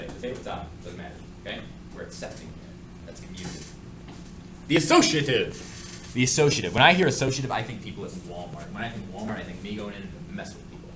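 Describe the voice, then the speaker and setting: Man, math teacher in a classroom, animated and joking, swinging pitch, echoey room with faint noise. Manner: joking, lively, asides to students. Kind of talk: classroom lecture.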